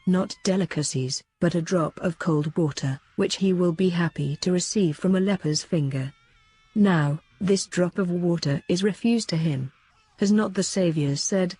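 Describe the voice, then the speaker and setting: Woman, audiobook narration, measured, husky, dry close sound. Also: on the low side, mellow, dry recording. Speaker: audiobook reader. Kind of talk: scripted narration of a devotional book.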